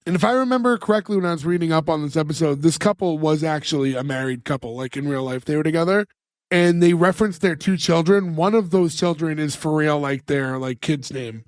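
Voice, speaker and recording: A man's voice: fairly high pitch, a little fast, no room sound, clean studio sound. A man co-hosting a casual podcast, joking and acting out lines while he recaps a sitcom episode. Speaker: podcast co-host.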